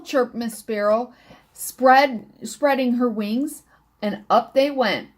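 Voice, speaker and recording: A woman reading a children's book aloud, slow and careful, now and then stumbling and rereading words. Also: fairly high pitch. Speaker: storybook reader.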